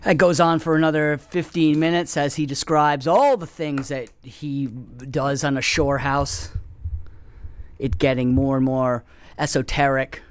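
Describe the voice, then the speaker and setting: A man riffs through a comedy monologue as the show's host, wandering from thought to thought and mocking himself. His voice sits slightly higher than most men's. He drops into quick whispered asides, and the sound is close and dry with no room echo. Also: fairly even intonation, clear, resonant tone. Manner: rambling and self-mocking, with whispered asides and pitch jumps. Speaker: comedy show host taking calls.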